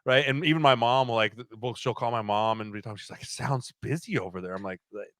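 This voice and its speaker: A man in his thirties, a podcast guest, chatting casually and telling animated stories, acting out what people said. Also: medium pitch, fast, clean tone, dry recording. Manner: animated storyteller, acts out quotes. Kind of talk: casual chat.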